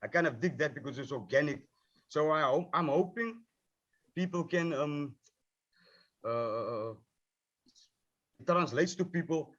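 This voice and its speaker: A man's voice: mid-range voice, fairly bright tone, dull audio. A man, a rapper on a panel, talking with passion and heat, swearing often and repeating himself. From South Africa. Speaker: rapper, film subject. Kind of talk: heated panel discussion.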